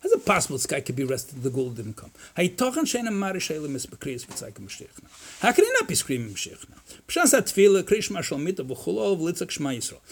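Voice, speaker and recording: A rabbi with a fairly high voice leads a Torah class in an animated, conversational way. He weaves Hebrew and Yiddish quotes into his English and voices imagined objections sarcastically. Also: quick pace, hardly any pauses, husky.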